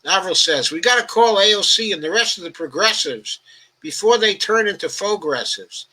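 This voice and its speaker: A man's voice: sits high, expressive, moderate pace, pushed and bright, low-quality recording. An elderly man, hosting a political livestream. He reads out viewer comments and answers them in a rambling, conversational way full of "okay" and "uh". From New York, the Bronx. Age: 80s.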